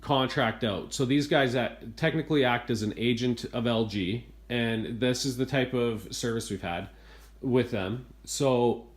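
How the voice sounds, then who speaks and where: A man filming at home, retelling a bad repair visit in an exasperated, hurried rant. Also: medium pitch. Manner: exasperated, retelling events in a rush. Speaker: homeowner reviewing appliances. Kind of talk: ranting home video complaint. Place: inside a home kitchen.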